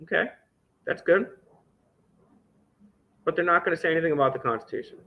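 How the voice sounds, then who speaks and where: An indignant man rants through a stack of documents, his fairly high voice leaping up and down with sarcasm as he swears freely. The dull, lo-fi recording takes the edge off his voice. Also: expressive, a little fast. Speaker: independent news vlogger. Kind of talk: ranting commentary reading documents aloud.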